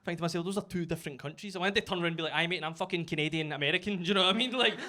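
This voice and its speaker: A Scottish man doing a chatty, self-mocking stand-up routine on a comedy club stage, bursting into shouted punchlines. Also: sits high, very fast. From Scotland.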